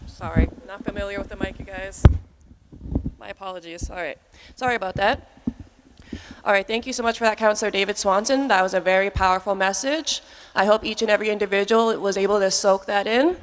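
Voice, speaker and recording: A woman's voice: mid-range voice, brisk, noisy background. A woman emceeing a conference, thanking speakers and introducing the next one politely. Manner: polite and apologetic. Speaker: event emcee. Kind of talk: formal introductions.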